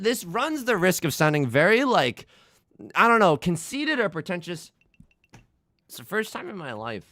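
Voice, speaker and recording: A man's voice: mid-range voice, fairly bright tone. A young man streaming, chatting casually with his chat, self-mocking and stammering through restarts.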